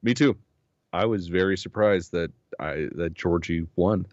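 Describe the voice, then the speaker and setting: A man's voice: deep voice, unhurried, a little mellow, dry recording, lo-fi sound. A man co-hosting a casual podcast chat, answering with laid-back, dry jokes. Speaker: co-host.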